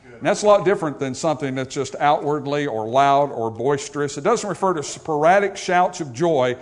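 A pastor giving a funeral sermon, telling a story and explaining scripture in a conversational way. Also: male voice, fairly high pitch, expressive, moderate pace.

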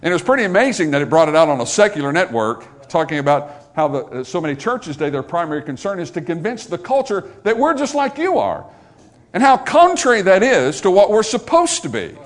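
A middle-aged man preaching a sermon to his congregation, folksy and joking, swinging between soft asides and loud emphatic points. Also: high-pitched, very animated, fairly quick. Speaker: pastor.

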